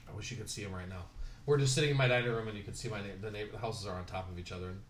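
A man from Southern California talking casually in his dining room, telling stories with lively impressions of other people. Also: on the low side, rapid-fire, a little hiss or hum. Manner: animated storytelling, mimics other people. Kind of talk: casual conversation. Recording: roomy home dining room.

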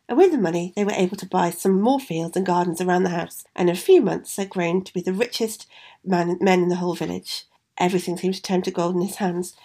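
Storyteller: woman with a gravelly, husky voice, measured fairy-tale reading. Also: fairly low pitch, dark tone.

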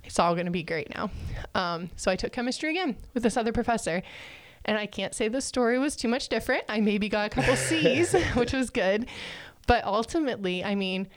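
A young woman telling a personal story in casual chat, animated and laughing often as she acts out what people said. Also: fairly high pitch, a little fast, dry recording.

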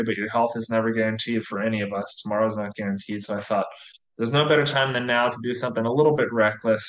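A man in his thirties from the US, relaxed and chatty as an interview guest, full of "you know"s. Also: medium pitch, roomy sound. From US, near Atlanta. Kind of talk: casual interview.

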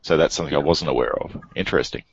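A male podcast co-host with a very deep voice who makes wry, opinionated remarks. His delivery moves lively up and down, and the sound is dry and a touch muffled. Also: fairly quick, no echo. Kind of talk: casual podcast chat.

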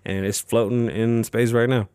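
A young man hosts his own show alone, rambling through topics in a loose, profane, offhand way. He restarts sentences and fills gaps with "um" and "you know." His voice sits at a middling pitch, recorded dry with no room sound. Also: steady tone, normal speed, a little mellow, clean tone, dry recording. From Las Vegas. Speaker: podcast host. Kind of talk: casual solo podcast chat.

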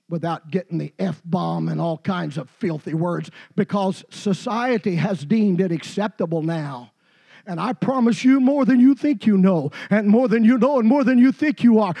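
A middle-aged male preacher delivering a sermon emphatically, dropping low to tell stories and climbing to shouts. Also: unhurried, gravelly. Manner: emphatic, swinging between low storytelling and shouting.

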